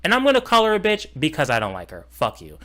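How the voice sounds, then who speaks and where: A man's voice: a little high, wildly swooping pitch, fast talker. Streamer guy, heated and foul-mouthed, voice that jumps all over the place, mocking. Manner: swings between loud outbursts and muttered asides. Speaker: streamer reacting to a video. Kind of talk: casual live-stream reaction rant.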